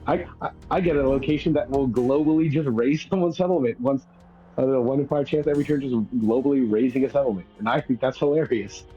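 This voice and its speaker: A man's voice: medium pitch, fast, lo-fi sound, faint music behind. A man chatting casually, rambling through an explanation and laughing at his own points. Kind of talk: casual chat.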